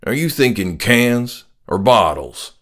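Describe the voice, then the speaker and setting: A man doing a slow-drawling Southern dad. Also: mid-range voice, sing-song, a bit bright. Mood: gruff, dismissive. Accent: Southern US country drawl. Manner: dismissive, sneering. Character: selfish rude middle-aged Southern dad.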